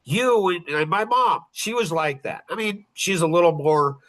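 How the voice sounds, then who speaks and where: A man's voice: high-pitched, lively intonation, moderate pace, fairly bright tone. A middle-aged man hosting a podcast in casual talk, blunt and rambling, often repeating himself. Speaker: podcast host.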